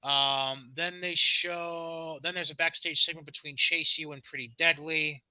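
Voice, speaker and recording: A man's voice: fairly high pitch, steady tone, unhurried, pushed and bright, smooth, no room sound, low-quality recording. A man co-hosting a podcast, casually recapping wrestling shows with sarcastic, dismissive asides and frequent ums. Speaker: podcast co-host.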